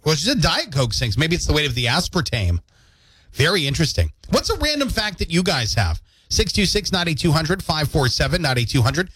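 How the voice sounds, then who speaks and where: Sing-song and on the high side, this man's fairly bright voice has a breathy edge and moves a little fast in a dry recording. He's a playful morning radio host in a studio, cracking jokes and reading out listener comments and news through a studio mic.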